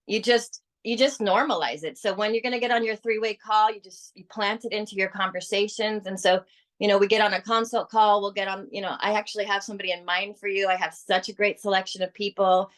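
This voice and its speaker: Energetic woman coaching her team. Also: mid-range voice, brisk. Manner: energetic, persuasive, acts out quoted clients. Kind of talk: coaching on a team video call.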